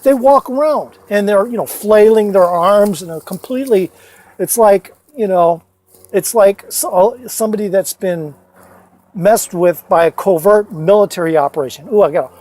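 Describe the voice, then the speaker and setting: A man with a notably high-pitched voice tells loose, meandering personal stories into his phone. He swears freely and keeps stopping to restart his sentences, padding them with "uh" and "you know". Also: normal speed, darkish tone. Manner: profane, rambling, many fillers and restarts. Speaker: storyteller vlogger. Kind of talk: casual rambling storytelling.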